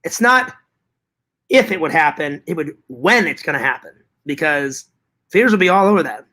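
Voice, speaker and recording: A man hosting a casual live stream, reading chat messages aloud and answering them in an animated, profane way that often repeats itself. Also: fairly high pitch, normal speed.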